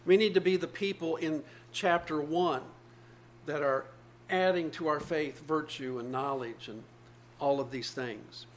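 A man's voice: fairly high pitch, measured pace, a little hiss or hum. A man, probably older, preaching a sermon, reading scripture aloud and explaining it earnestly with repeated phrases.

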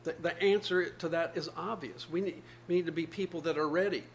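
A man's voice: on the high side, steady tone, brisk, a little hiss or hum. A man, probably older, preaching a sermon, reading scripture aloud and explaining it earnestly with repeated phrases.

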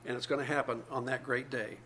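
A man's voice: medium pitch, flat delivery, quick pace, sharp tone, slight background noise. A man, probably older, preaching a sermon, reading scripture aloud and explaining it earnestly with repeated phrases.

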